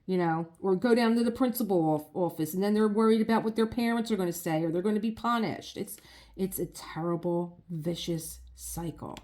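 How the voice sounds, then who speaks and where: Middle-aged woman, mellow and slightly low, rambling heartfelt craft-vlog chat. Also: brisk. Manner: rambling and heartfelt, many restarts. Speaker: crafting vlogger. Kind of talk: casual chat while crafting.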